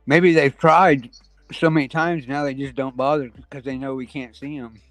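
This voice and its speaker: A man in a relaxed chat, reflective and hedging as he talks things through. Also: mid-range voice, moderate pace, no room sound. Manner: reflective, hedging, talks about spirit beliefs. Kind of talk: casual chat.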